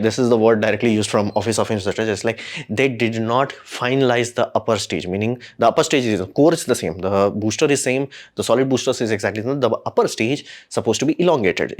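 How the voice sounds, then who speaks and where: A man rants through a casual solo commentary at a middling pitch. His talk is rambling and full of slang, and it keeps spilling into exasperated, animated outbursts. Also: fast. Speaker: host.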